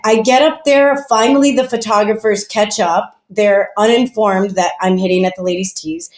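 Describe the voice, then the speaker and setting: A woman guest on a podcast telling stories in a lively, chatty way with lots of fillers. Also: mid-range voice, moderate pace, hardly any pauses. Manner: animated, chatty, many fillers. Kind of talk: casual storytelling. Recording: roomy echo.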